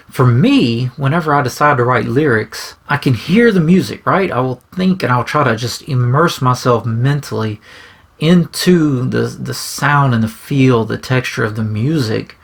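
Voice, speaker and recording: Casual songwriter man, gravelly voice, mid pitch, rambling and restarting, keeps asking "right?". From grew up singing bluegrass in churches. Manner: rambling, says "right?" often, restarts phrases. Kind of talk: casual explanatory talk to camera.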